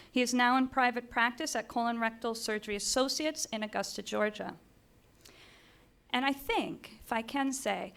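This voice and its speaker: A woman introducing a speaker at a ceremony from a podium microphone, admiring and chatty with warm asides. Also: on the high side. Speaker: ceremony presenter. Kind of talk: introduction speech. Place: large ceremony venue.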